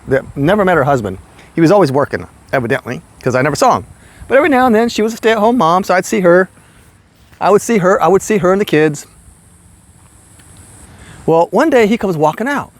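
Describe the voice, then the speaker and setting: A man in his sixties telling casual, rambling stories about his past work, getting animated as he goes. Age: 60s. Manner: animated, rambling, jumps high when quoting himself. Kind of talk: casual storytelling.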